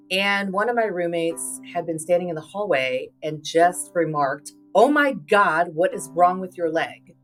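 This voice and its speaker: A middle-aged woman, a podcast guest, telling a personal story in lively fashion and acting out what others said. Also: on the low side. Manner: lively retelling with quoted dialogue and fillers. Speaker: guest, public health advocate. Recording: distant mic with faint music.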